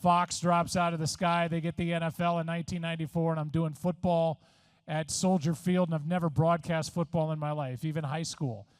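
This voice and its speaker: A man's voice: fairly high pitch, little pitch movement, fairly quick, clear, resonant tone, dry recording. Self-mocking man at a podium, dry sound. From Missouri. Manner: self-deprecating, conversational storytelling. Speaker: award honoree giving a speech. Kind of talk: after-dinner acceptance speech. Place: resort event room. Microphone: podium microphone.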